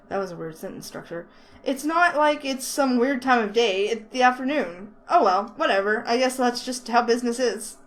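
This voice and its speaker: A woman's voice: on the high side, poor audio. A woman reading a visual novel aloud in the first person, breaking off for chatty, giggly asides about the script. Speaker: let's play host.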